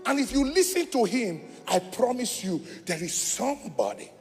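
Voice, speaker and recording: A man preaching a fervent sermon as pastor, calling out to the congregation and rising to shouts. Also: extremely high pitch, big pitch swings, moderate pace. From Africa. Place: church sanctuary. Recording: echoey church hall with faint music.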